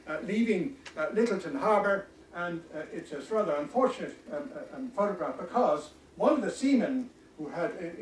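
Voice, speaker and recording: A man giving a history lecture with slides, halting often with ums and restarts. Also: high-pitched, darkish tone, a little hiss or hum. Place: lecture room. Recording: echoey room, voice from far off.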